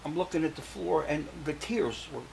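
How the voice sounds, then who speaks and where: An older man speaks in a gravelly voice that sits a little high for a man. He is a guest telling his life story on an interview show, and he acts out the voices of the people he quotes. A faint hiss runs under the recording. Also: moderate pace, darkish tone, low-quality recording.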